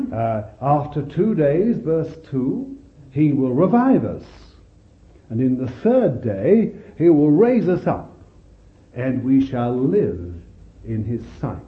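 Guy preaching, slow and swingy pitch, old tinny echoey tape. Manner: expressive Bible reading and exhortation. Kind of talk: sermon.

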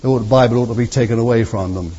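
A man preaching a sermon with fervour, his voice moving from near hushes to strong, drawn-out exclamations. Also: mid-range voice, highs cut off, a little hiss or hum. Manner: fervent, swinging from soft to loud, drawn-out phrases.

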